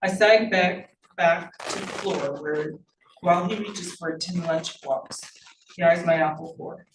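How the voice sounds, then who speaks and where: Woman reading her novel aloud. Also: on the low side. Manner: measured storytelling. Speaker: author. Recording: roomy, distant mic, faint noise.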